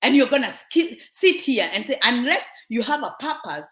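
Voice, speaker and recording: Woman, Kenyan accent, show host, fervent and scolding, animated pitch, echoey room. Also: moderate pace. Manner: fervent, scolding, rhetorical questions. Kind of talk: impassioned monologue to viewers.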